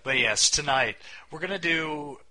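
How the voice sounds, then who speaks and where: A man's voice: a little high, lively intonation, a little slow, bright, forceful tone, slight background noise, rough recording. A young man co-hosting a casual podcast, talking in a rambling, wry way and swearing casually. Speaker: podcast co-host.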